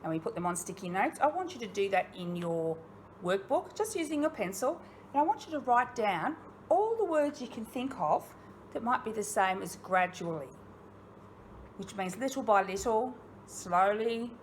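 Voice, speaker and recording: A slightly high-pitched woman with an Australian accent speaks in a sing-song manner at normal speed, with slight background noise. She's a primary school teacher delivering a recorded online lesson to young children, putting questions to them and encouraging them expressively.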